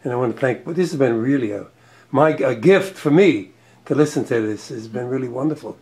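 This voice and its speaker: A man's voice: mid-range voice, a little fast, mellow. A man hosting a talk show, chatting casually in an easygoing, rambling way. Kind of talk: casual chat.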